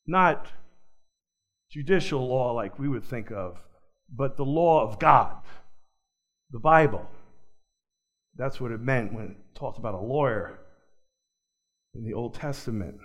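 A man preaching a sermon, swinging from loud emphatic peaks to soft, low asides, with a chuckle now and then. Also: expressive, a little slow, long pauses.

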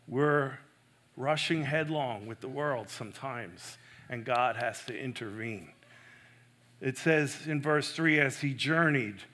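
Slow, bright-voiced man preaching. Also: fairly high pitch. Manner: emphatic, swinging between loud stresses and soft hushed asides; self-correcting, personal and earnest. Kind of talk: sermon.

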